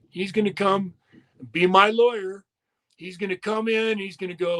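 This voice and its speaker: A man's voice: high-pitched, fairly even intonation, normal speed, a bit bright. An older man, a former wrestler, telling long profane anecdotes in a casual interview, acting out the people he quotes. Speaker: retired wrestler and musician, guest.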